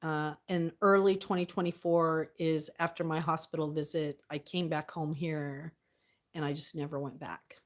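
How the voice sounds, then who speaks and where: A woman's voice: low-pitched, fairly even intonation, normal speed. A giggly young woman chats casually on her livestream. She laughs often as she talks and greets her viewers one by one by name. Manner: giggly, laughs often, reads out chat names. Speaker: live streamer.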